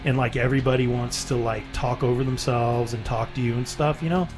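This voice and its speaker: A man's voice: medium pitch, steady tone, brisk. A man co-hosting a music radio show, rambling in a laid-back, self-deprecating way. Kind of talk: casual radio banter.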